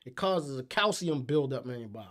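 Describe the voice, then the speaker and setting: A man, co-hosting a casual chat, profane and animated with loud outbursts. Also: mid-range voice, a little fast. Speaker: podcast co-host.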